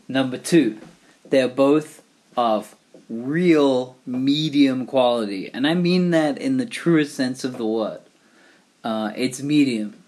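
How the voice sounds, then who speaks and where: A man's voice: mid-range voice, darkish tone. A middle-aged man from England, talking in a wry, rambling, digressive monologue. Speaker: vlogger. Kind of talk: casual monologue.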